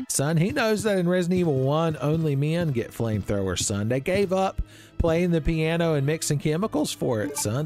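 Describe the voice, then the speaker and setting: A man's voice: fairly high pitch, big pitch swings, normal speed, darkish tone. A man doing joking, rambling gameplay commentary, calling listeners son. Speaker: let's play host. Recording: game music behind voice.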